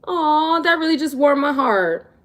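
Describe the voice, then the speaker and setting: Expressive and a little slow, her high voice carries a casual livestream chat. The speaker, a woman in her twenties, is a vlogger replying to live chat with easygoing slang.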